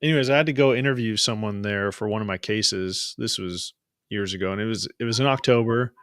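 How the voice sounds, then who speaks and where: A man hosts a casual live-stream hangout, chatting and laughing as he tells stories, often restarting mid-sentence. His voice sits on the low side, fairly quick, a bit bright, clear and resonant. The sound is clean studio audio with no room echo.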